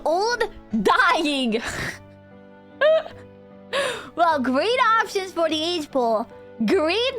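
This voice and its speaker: A woman streamer chatting casually with her viewers, rambling and excitable, laughing often and saying "dude" a lot. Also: high-pitched. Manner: laughs often, trails off into restarts. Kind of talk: casual livestream chat with viewers. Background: faint background music.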